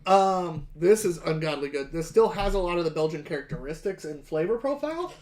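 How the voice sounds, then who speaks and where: A man's voice: on the high side, brisk. Brief: male podcast co-host, casual beer talk, loose and profane. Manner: relaxed, swears casually, describes beer flavors. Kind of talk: casual beer-tasting chat.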